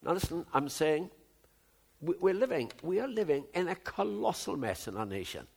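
A man in his seventies preaching a sermon, moving from low musing to loud, emphatic outbursts. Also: big pitch swings, normal speed, gravelly. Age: 70s.

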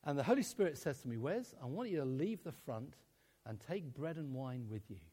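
A man's voice: medium pitch, animated, a little fast, mellow, breathy edge. A man preaching a sermon, telling stories with acted-out dialogue and laughing often as he speaks. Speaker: pastor.

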